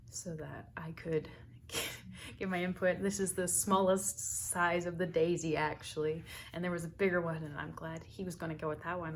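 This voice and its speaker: A young American woman, talkative and quick to laugh, telling a personal story in a vlog. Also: fairly low pitch, a little hiss or hum. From United States. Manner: chatty and talkative, laughs often. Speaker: vlogger.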